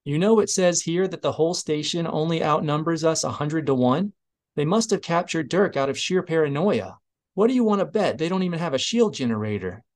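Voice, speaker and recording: A man voicing a brisk, wry female rebel commando in an audiobook reading. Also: deep voice, animated, darkish tone, pitched above the performer's own voice.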